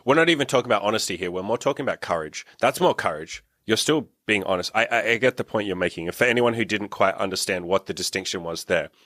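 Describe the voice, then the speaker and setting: A man's voice: lowish voice, lively intonation, fast, hardly any pauses, a bit bright, no echo, clean studio sound. A man hosting a casual roundtable as a dating and business coach, blunt, joking and profane.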